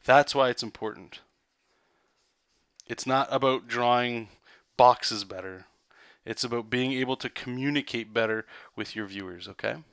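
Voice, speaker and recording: Casting: male comic artist, bright, dry voice, excitable and loose, rambling casual drawing lesson. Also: mid-range voice, normal speed, gravelly, smooth, dry recording. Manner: loose, rambling, checks in with "right?" and "okay?".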